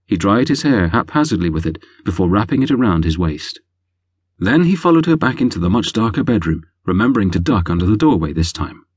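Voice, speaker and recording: Romance audiobook narrator, male, deep and wry, close dry studio sound. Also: a little fast, slightly rough, no room sound. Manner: lively, wry storytelling. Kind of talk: scripted narration.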